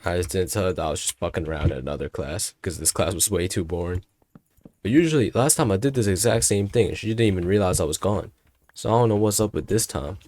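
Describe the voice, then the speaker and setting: A man's voice: deep voice, fast talker, a little mellow. A young man in his late teens, casually telling a story about his school day in a slangy, profane, rambling way. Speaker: student storyteller.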